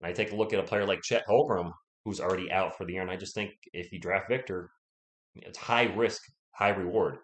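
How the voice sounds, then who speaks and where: Coughing man calling play-by-play, low voice. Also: fairly even intonation, brisk. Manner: chatty, reads viewer chat between plays. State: coughing, sore throat. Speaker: live stream play-by-play host. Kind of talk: casual play-by-play commentary.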